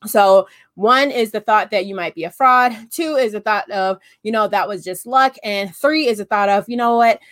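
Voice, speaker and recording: A woman's voice: normal speed, no echo. Chatty woman coaching, dry close sound. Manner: chatty, keeps checking in with "okay?"; acts out quotes in high animated voices. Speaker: business coach. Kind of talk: casual talk to camera.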